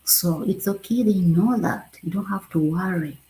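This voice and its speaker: Ugandan woman with a low, mellow voice. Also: normal speed, rough recording. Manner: animated, laughs often, drops in French phrases. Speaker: vlogger. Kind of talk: casual personal storytelling.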